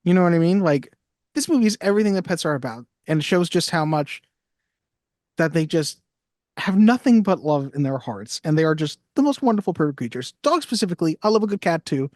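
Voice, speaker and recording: A podcast co-host recapping a film in a casual, animated chat, swearing often. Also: mid-range voice, fairly quick, no echo, clean studio sound.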